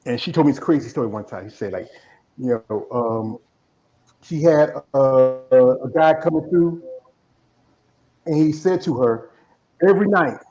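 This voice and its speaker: A man's voice: mid-range voice, warm tone. A man hosting an interview, casually passing along a story he heard secondhand. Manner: conversational, relaying a story secondhand. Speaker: interview host. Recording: dull lo-fi sound.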